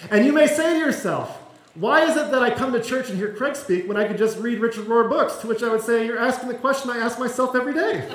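High-voiced man preaching in an echoey room. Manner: conversational and self-deprecating, with humor. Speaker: pastor. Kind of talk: sermon. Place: church sanctuary.

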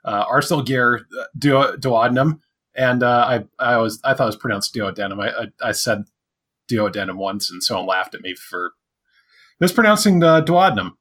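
A man with a husky, slightly raspy voice trades dry deadpan jokes on a casual podcast. He stumbles and restarts as he talks through stories. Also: medium pitch, moderate pace. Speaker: podcast co-host.

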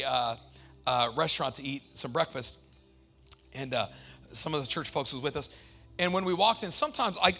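Pastor guy preaching, high bright voice, shouts the big lines then chats through stories, faint music behind. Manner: shouting, sing-song preaching climaxes; relaxed storytelling with acted-out quotes. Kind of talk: sermon.

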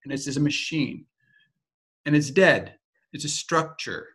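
A man giving a teaching talk, telling a lively personal anecdote in a casual way that includes some swearing. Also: a little high, unhurried, breathy edge. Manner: animated, vivid storyteller with casual swearing.

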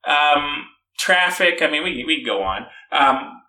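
A man co-hosting a comedy talk show, sarcastic and halting with many fillers. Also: a little high, expressive, sharp tone, roomy sound, distant mic. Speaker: radio show co-host.

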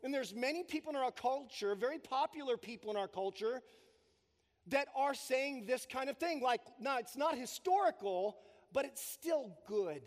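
Emphatic high-voiced pastor in a reverberant hall. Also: male voice. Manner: emphatic, preaching with strong build-ups and drops. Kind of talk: sermon. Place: church sanctuary. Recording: long reverb of a church hall.

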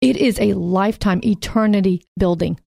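A woman co-hosting a podcast, chatting casually through a Bible study, slowing down to read scripture and laughing easily along the way. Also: medium pitch, creaky, dark tone, no echo, clean studio sound. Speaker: podcast co-host.

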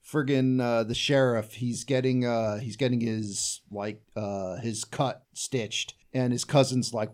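A man's voice: mid-range voice, fairly even intonation, measured pace, hardly any pauses, darkish tone. A man casually recapping a film's scenes with friends on a podcast, laughing as he retells them. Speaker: podcast co-host. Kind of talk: casual movie recap chat.

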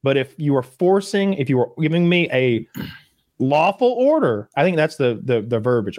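Male co-host, casual and animated, quotes people in funny voices; dry close mic. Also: a little high, normal speed, dry recording. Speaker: podcast co-host. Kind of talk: casual chat.

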